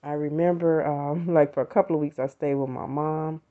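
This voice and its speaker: A woman's voice: low voice, fairly even intonation, normal speed, narrow, tinny audio. A middle-aged woman hosting a podcast, talking heartfelt and conversationally about faith and gratitude. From United States. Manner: heartfelt, conversational, addresses listeners as "you all". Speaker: podcast host. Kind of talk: personal faith talk.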